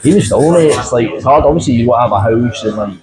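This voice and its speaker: A man's voice: medium pitch, lively intonation, quick pace, rough recording. A man, talking earnestly and rambling in a casual chat. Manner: rambling, filler-heavy, earnest. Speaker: guest. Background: music.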